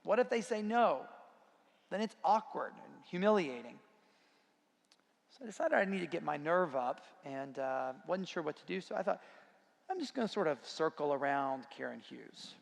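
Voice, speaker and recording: A man with a slightly higher voice and a gravelly edge tells a self-deprecating story to a conference audience. His voice carries a long reverb from a large hall. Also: expressive, normal speed. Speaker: conference speaker. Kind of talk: storytelling talk.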